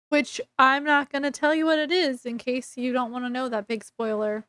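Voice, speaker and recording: A woman's voice: sits high, fairly even intonation, moderate pace, few pauses, fairly bright tone, no echo. A woman book reviewer casually recapping a story, chattily retelling scenes in quoted dialogue.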